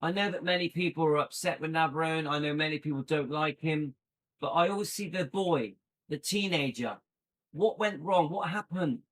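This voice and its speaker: A man's voice: fairly high pitch, normal speed, fairly bright tone. A man hosting a commentary channel, reacting indignantly and firing repeated rhetorical questions.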